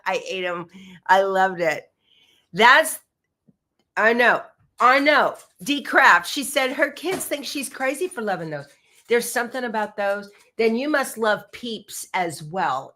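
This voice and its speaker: A woman's voice: mid-range voice, bright, forceful tone. A middle-aged woman, hosting a quilting livestream in a bubbly, chatty way. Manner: chatty, bubbly, says y'all. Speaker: quilting show host. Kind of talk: casual livestream chat.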